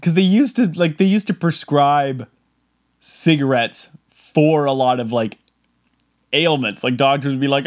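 Slow, laughing man riffing comedically. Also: mid-range voice. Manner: rambling, laughs often, mock-outraged asides. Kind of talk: casual comedic monologue.

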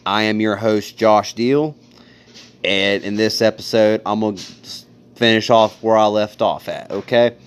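A man's voice: lowish voice, steady tone, unhurried, a little hiss or hum. A young man from Ohio hosting a podcast, telling stories in a crude, heavily profane, sarcastic way. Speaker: podcast host. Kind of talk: casual storytelling monologue. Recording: dull lo-fi recording.

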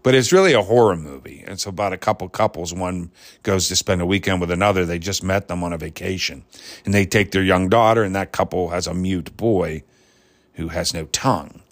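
A man's voice: low voice, a little fast. A man talking in a rambling, reflective monologue full of fillers and restarts. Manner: reflective, grows more animated on points. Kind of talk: casual monologue.

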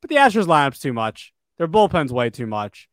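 A man's voice: on the high side, very animated, a little fast, a bit bright, dry recording, clean studio sound. A man co-hosting a casual sports podcast, rambling with fillers and restarts. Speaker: podcast co-host.

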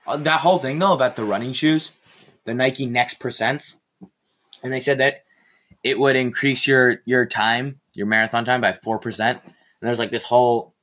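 A man's voice: mid-range voice, fairly even intonation, moderate pace, fairly bright tone. A teenage boy hosting a casual solo podcast, ranting in a rambling, sarcastic, easily exasperated way. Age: teen. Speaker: podcast host.

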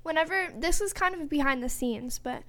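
A woman's voice: high voice, moderate pace. A young woman co-hosting a podcast in casual chat, open and emotional in how she talks. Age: young adult. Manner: emotional, expressive. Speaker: podcast co-host.

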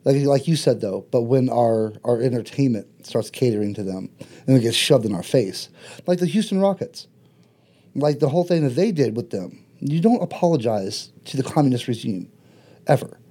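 A man's voice: medium pitch, expressive, normal speed, warm tone, breathy edge. A man in casual podcast chat, blunt, profane and heated.

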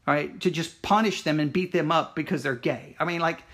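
A man from Texas holds forth as host of a Christian talk program. His voice sits high, and he rambles in an animated, loose monologue, restarting sentences and leaning on fillers as he works through his points. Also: fairly quick. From Texas, USA. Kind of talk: casual monologue.

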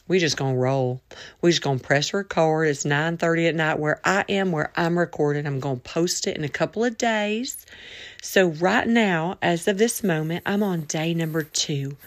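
A woman talks in a casual faith chat from her bed late at night, her voice low and gravelly. She rambles, stops to fix her own words and speaks straight to the listener in a close, dry sound with no room echo. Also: normal speed. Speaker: podcast host.

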